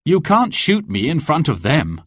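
A bold young outlaw archer, as a narrator reads his lines, steady and sure of himself. His voice is slightly husky and recorded close and dry. The lines are unhurried, in a storybook manner. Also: a little high, dry recording, voice pushed up, heavily acted. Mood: confident.

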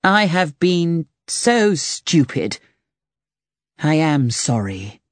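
A man's voice: on the high side, very animated, very slow, no room sound, heavily acted. A reader voicing a proud, vain male knight who speaks theatrically in a storybook reading. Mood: humbled. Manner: theatrical, indignant.

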